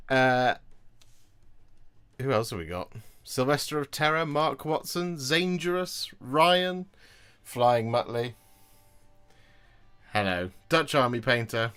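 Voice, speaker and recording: A man's voice: mid-range voice, lively intonation, slow, long pauses, fairly bright tone, smooth. A man hosting a casual livestream while building models, chatty and self-deprecating as he greets viewers. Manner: chatty, self-deprecating, reads chat aloud.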